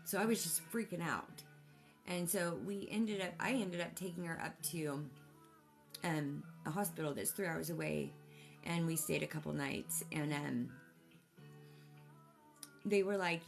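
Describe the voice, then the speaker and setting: A woman with a low, gravelly voice tells a personal story about her child. She rambles emotionally and restarts often. Faint music plays underneath. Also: unhurried, long pauses. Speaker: mother.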